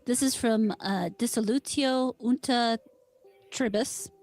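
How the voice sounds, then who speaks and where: A woman's voice: on the high side, takes it slowly, darkish tone. A woman co-hosting a casual podcast, reading listener questions and explaining answers in a slightly pedantic way. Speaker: podcast co-host. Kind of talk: casual chat.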